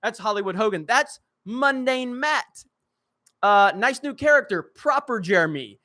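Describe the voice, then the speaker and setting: A young man with a Southern US drawl hosts a casual live stream and reads viewer comments aloud. His voice sits high and sounds bright and forceful. He hurries through the text, trips over words and laughs at his own slips. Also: animated. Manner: joking, self-mocking, rushes through reading with restarts.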